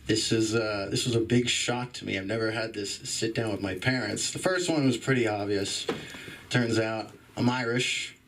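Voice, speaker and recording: A young man doing a profane stand-up set at a comedy club open mic, acting out loud voices as he tells stories. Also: on the low side, normal speed, far from the mic, a little hiss or hum. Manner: animated, swearing storyteller, jumps into loud voices.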